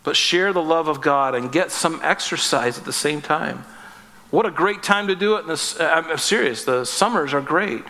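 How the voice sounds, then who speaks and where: A man with a bright, fairly high voice preaches a relaxed, conversational sermon. He slips into quick acted-out exchanges and jokes at his own expense. The sound carries a long reverb from a church sanctuary. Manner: conversational, acts out short dialogues, self-deprecating humor. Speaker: pastor. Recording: echoey church hall.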